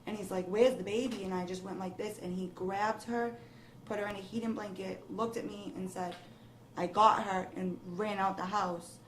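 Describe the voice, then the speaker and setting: Speaking at a moderate pace, a young woman tells an interviewer about something frightening that happened to her. She starts steady and low-key, then becomes breathless and increasingly emotional, quoting what others said. A noticeable room echo and faint background hiss accompany her voice.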